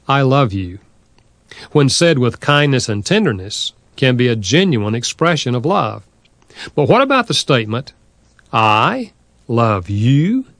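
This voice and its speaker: A man narrating a nonfiction audiobook in a steady, measured reading style. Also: mid-range voice, dry recording.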